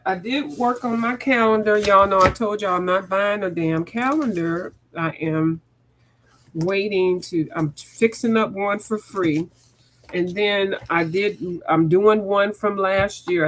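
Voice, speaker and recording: A woman's voice: fairly low pitch, low-quality recording. Chatty woman on a livestream. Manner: rambling, chatty, talks straight to the viewers. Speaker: coloring channel host. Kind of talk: casual livestream chat.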